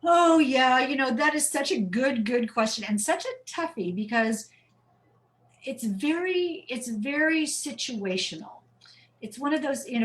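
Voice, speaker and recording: A woman author answering audience questions in a chatty, animated way on a video call, often restarting her phrases. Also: on the high side, low-quality recording. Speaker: author guest.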